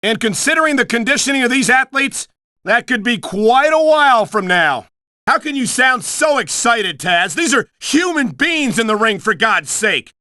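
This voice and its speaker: A middle-aged man calling play-by-play for a wrestling video game, earnest and excitable, a bit prim and scolding. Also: extremely high pitch, moderate pace, no echo, studio quality. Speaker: play-by-play commentator.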